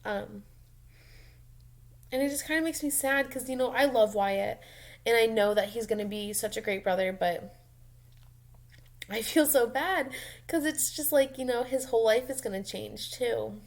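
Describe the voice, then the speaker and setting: A young woman, a mom, talking casually and emotionally in a personal vlog, rambling with many ums and soft laughs. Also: fairly high pitch, moderate pace, long pauses. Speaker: mom vlogger.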